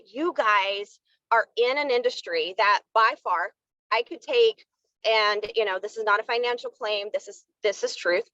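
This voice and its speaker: A woman's voice: mid-range voice, unhurried, bright, forceful tone, no echo, highs cut off. Fired-up woman giving a motivational team talk. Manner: candid, fired-up, uses y'all. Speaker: network marketing team leader.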